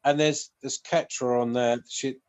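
A man's voice: mid-range voice, steady tone, a little slow. A middle-aged man with an English Midlands accent, chatting casually and heaping praise on a friend. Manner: warm, effusive praise, calls people mate. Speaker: guest. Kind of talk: casual chat.

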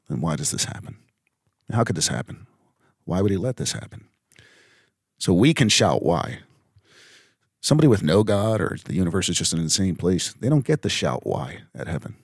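A middle-aged man hosting a reflective faith podcast, speaking earnestly and haltingly with many fillers. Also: low voice, darkish tone, no echo, clean studio sound. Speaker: podcast host.

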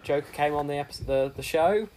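A man co-hosting a casual comedy podcast, rambling and halting with lots of fillers. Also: a little high, a little mellow. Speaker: podcast co-host.

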